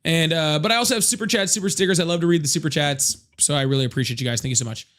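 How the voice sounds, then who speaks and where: A man hosting a casual live political chat, talking fast and joking with viewers. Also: on the high side, fairly bright tone. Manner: chatty, fast asides to viewers, laughing exclamations. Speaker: livestream host.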